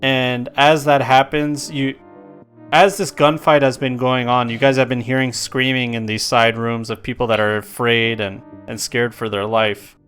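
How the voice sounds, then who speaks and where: A man narrating a tabletop role-playing game as game master, animated and laughing often. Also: mid-range voice, moderate pace, clean tone, soft background music.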